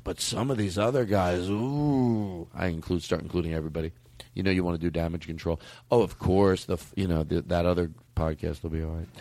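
A man's voice: low voice, steady tone, brisk, warm tone, no echo. A middle-aged man hosting a comedy podcast, rambling, profane and self-mocking. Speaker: podcast host.

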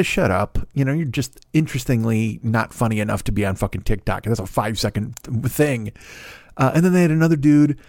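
A man's voice: mid-range voice, lively intonation, fairly quick, a little mellow, no room sound, studio quality. A man hosting a podcast, ranting in a profane, exasperated and rambling comedic way. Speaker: podcast host.

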